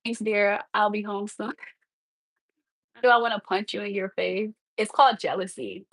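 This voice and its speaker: A woman's voice: medium pitch, fairly even intonation, moderate pace, a bit bright, no room sound, low-quality recording. A young woman live streaming while she cooks, chatting casually and talking back to her chat with sass. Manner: sassy, talks back to the chat.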